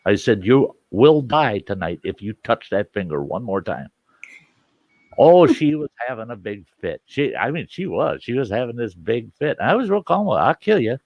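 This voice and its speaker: A man casually telling a rough personal anecdote, acting out what people said. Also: medium pitch, moderate pace, no room sound, highs cut off. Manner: animated anecdote with acted-out quotes. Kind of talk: casual storytelling.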